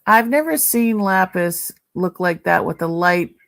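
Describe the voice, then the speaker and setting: Woman, Boston accent, slow unhurried talk, lowish voice, casual live-stream chat, thinking out loud. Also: animated, gravelly. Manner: chatty, musing aloud while examining items. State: sore neck. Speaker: live-sale jewelry seller.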